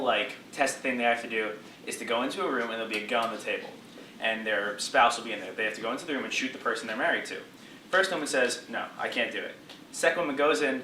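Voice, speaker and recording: A young man tells a joke to his friends in an even, matter-of-fact way. His tone is bright. The recording is echoey and distant from the camera. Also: medium pitch. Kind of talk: telling jokes to friends. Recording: roomy, distant camera mic, noisy.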